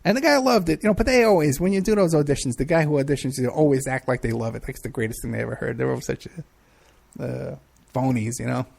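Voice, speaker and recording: A man's voice: medium pitch, fast talker, gravelly, a little mellow. A middle-aged man hosting a live show, chatting casually and rambling through questions from the chat with many fillers. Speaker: podcast host.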